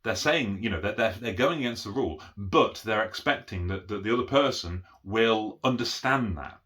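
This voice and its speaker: A man's voice: fairly low pitch, lively intonation, moderate pace, a bit bright. A middle-aged man giving an unscripted one-take talk about autism, explaining step by step and often checking understanding with "okay?". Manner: frequent restarts and fillers. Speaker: autism educator.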